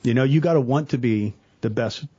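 A middle-aged man, a church worker talking about faith in an earnest, animated way, acting out the people in his stories. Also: medium pitch, brisk, muffled recording, a little hiss or hum. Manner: earnest, animated storyteller, quotes people in voices. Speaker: church worker, guest on a talk show. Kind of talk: casual faith talk.

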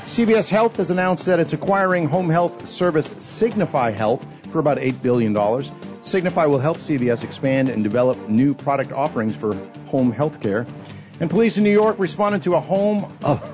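Male radio host reading headlines over music. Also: a little high. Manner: brisk, even newsreader delivery. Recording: dull lo-fi radio audio with music bed.

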